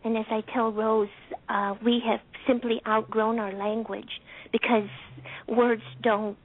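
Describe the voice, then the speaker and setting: A woman calling in to a talk show by phone, speaking in a heartfelt, halting and soft-spoken way. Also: fairly high pitch, level tone. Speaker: caller. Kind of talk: emotional call-in testimony. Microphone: telephone. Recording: tinny phone line.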